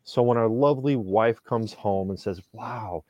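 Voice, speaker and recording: A man's voice: lowish voice, normal speed, dry recording, highs cut off. A man from Indiana, a couples therapist, talking animatedly and emphatically in a casual podcast chat. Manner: animated, emphatic, swings loud and soft.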